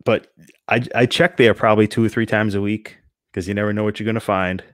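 Low-voiced man rambling through a story. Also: fairly even intonation, a little fast, a bit bright, no echo, clean studio sound. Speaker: toy podcast co-host. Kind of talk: casual chat.

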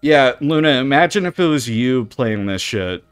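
A man's voice: mid-range voice, lively intonation, normal speed, clear, resonant tone, no room sound, soft background music. A man commenting casually while he plays a game, stammering, swearing and reacting with disgust. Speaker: streamer playing a game. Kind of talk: casual live gameplay commentary.

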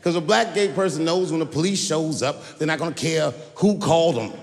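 A man performing a stand-up comedy routine, telling a profane story brashly and sometimes breaking into shouts. He is recorded live on a large stage before an audience. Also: fairly high pitch, fairly quick. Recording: live venue with long reverb and audience noise.

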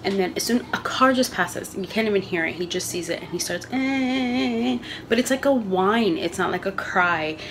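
A young woman vlogging from her home kitchen, rambling and thinking out loud as she talks about her family day. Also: lowish voice, expressive, brisk, few pauses, a little hiss or hum. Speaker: vlogger, mother. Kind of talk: casual home vlog chat.

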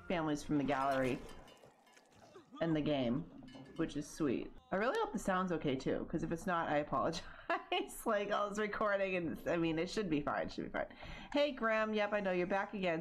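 A woman's voice: fairly low pitch, a little hiss or hum. A young woman casually commenting on her own gameplay, rambling and correcting herself as she goes. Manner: chatty, rambling, self-correcting with frequent apologies. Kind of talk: casual let's-play commentary.

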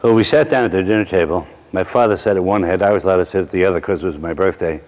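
A middle-aged man from Brooklyn, preaching through a personal story with wry asides and slow dramatic pauses. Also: deep voice, darkish tone, big-room sound. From Brooklyn, New York. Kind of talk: sermon storytelling.

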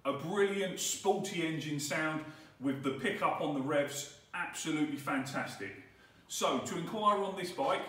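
A man giving an enthusiastic sales walkaround of a motorcycle in a dealer showroom. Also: fairly bright tone. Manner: enthusiastic sales pitch with fillers. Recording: echoey showroom from far off.

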